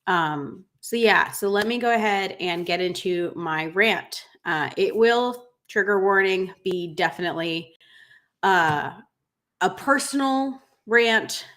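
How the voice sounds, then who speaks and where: A woman's voice: medium pitch, takes it slowly, a bit bright. A woman hosting a casual livestream as a grooming business coach, chatting emotionally to viewers with lots of fillers and restarts. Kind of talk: casual livestream chat reading viewer comments.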